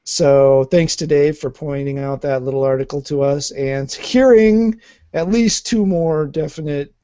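A man's voice: a little high, unhurried, mellow, no room sound, muffled recording. A man co-hosting a casual gaming podcast, talking with stumbles and repeated words. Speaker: podcast co-host.

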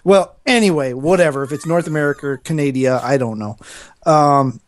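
A man hosting a casual gaming podcast, thinking out loud about market strategy. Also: on the high side, fairly quick. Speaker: podcast host.

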